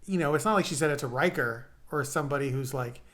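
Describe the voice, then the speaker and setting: A podcast co-host reviewing an episode in casual chat, talking in an animated way. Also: mid-range voice, quick pace. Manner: animated, acts out quotes.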